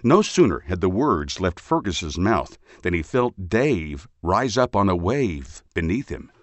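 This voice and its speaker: Low-voiced guy reading a kids' story, super expressive, bouncy up and down. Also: measured pace, dry recording. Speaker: storybook reader. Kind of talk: children's storybook reading over phone line.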